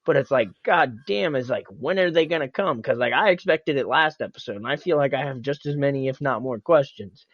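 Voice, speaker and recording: A man's voice: mid-range voice, lively intonation, a little fast, hardly any pauses, fairly bright tone, no room sound, highs cut off. A man on a casual podcast, rambling loosely, full of fillers and swearing. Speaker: podcast co-host. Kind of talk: casual chat.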